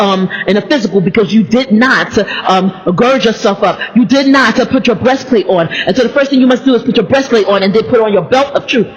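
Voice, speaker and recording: A woman preaching an informal sermon in a lively, conversational way, often repeating words in long chanting runs. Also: on the high side. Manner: animated, conversational preaching with asides. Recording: long hall reverb.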